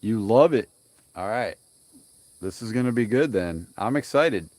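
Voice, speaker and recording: A man's voice: lowish voice, lively intonation, unhurried, darkish tone, no echo. A young man hosting a casual live stream while grilling outdoors, rambling along and greeting viewers by name. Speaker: livestream cooking host.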